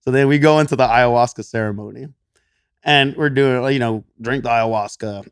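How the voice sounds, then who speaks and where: A man's voice: medium pitch, normal speed, smooth, dry recording, studio quality. A man with a Texan twang casually telling a story as a podcast guest, laughing often and swearing. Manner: laughs often, swears, quotes himself in animated voices. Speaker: podcast guest, gym coach.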